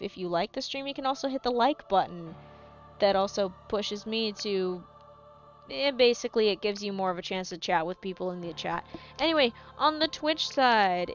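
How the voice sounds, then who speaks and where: A woman's voice: fairly high pitch, highs cut off. A woman game streamer chatting casually and rambling with self-deprecating humor, using a put-on English accent that keeps drifting into Southern. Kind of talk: casual live-stream chat. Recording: music playing under the voice. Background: game music.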